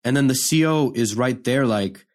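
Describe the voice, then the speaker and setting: Bitter and confrontational, a man performs a profane street-talk monologue as a hardened young male prisoner. He speaks in a mid-range voice at a moderate pace, lightly acted.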